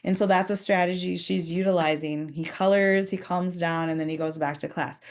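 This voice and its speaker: A woman's voice: fairly low pitch, fairly even intonation, moderate pace. A woman giving a conversational professional development talk to school leaders, earnest, acting out short example dialogues.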